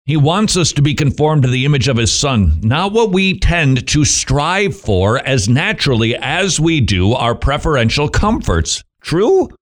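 A man delivers devotional commentary at a middle pitch, his voice rising and falling with lively swings. He breaks up his points with wry, self-mocking asides. He presses listeners with pointed rhetorical questions. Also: moderate pace, hardly any pauses.

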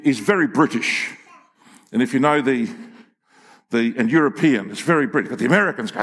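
Older male pastor; animated, humorous preaching with emphatic peaks. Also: mid-range voice, moderate pace. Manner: animated, rising to emphatic peaks, joking with the congregation. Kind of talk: sermon. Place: church hall with congregation.

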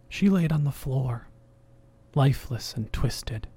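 A man narrating a horror story in a measured voice that sinks into whispers. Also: medium pitch, expressive, dark tone, breathy edge, no echo. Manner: slow, measured, dropping to whispers.

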